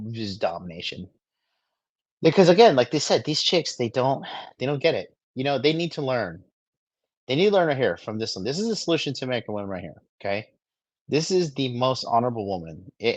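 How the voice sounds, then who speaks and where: A man's voice: medium pitch, dry recording, highs cut off. A man giving crude, mocking commentary on video clips in a swaggering, profane way. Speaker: streamer reacting to clips.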